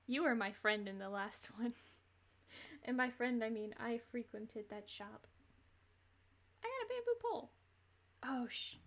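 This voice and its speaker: Woman streamer rambling thru a farming game, laughs a lot, voice a bit high. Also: expressive, measured pace, creaky, long pauses, fairly bright tone. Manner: chatty, rambling, laughs between thoughts. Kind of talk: casual gameplay commentary.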